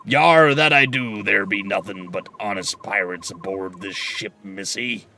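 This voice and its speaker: A man's voice: on the low side, creaky, pushed and bright, slight background noise, exaggerated voice. A man voicing a boastful, sly male pirate captain in exaggerated pirate speak. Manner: hammy pirate speak, drawn-out "yar".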